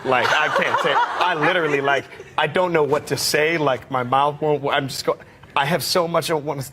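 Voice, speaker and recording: A man telling a story casually in an interview, animated, laughing often and stumbling over his words. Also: on the high side, normal speed, a little hiss or hum. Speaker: interview guest.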